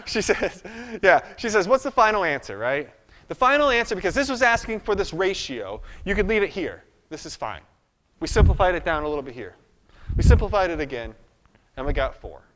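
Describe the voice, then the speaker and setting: In a lecture hall with long reverb, a man gives a live math lecture at a moderate pace, his high-sitting, fairly bright voice swinging widely in pitch. He is chatty and self-deprecating, thinking aloud as he works at the board.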